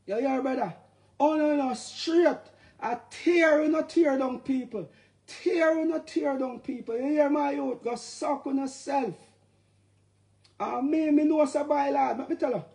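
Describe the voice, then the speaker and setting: A Jamaican man, a musician, delivering an impassioned, preachy rant straight to camera, now and then breaking into shouts. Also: extremely high pitch.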